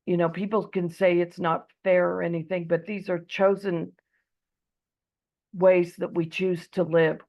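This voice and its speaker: Husky-voiced woman from Eastern Oregon. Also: lowish voice, little pitch movement, measured pace, lo-fi sound. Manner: earnest, with frequent ums. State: losing her voice. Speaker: debate speaker. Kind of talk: prepared debate speech.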